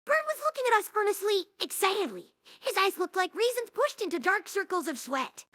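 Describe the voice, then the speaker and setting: A man voicing a brash young female cartoon pony, reading a novel aloud in character with a boyish, husky drawl. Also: extremely high pitch, big pitch swings, brisk, sharp tone, no echo, studio quality, full character voice.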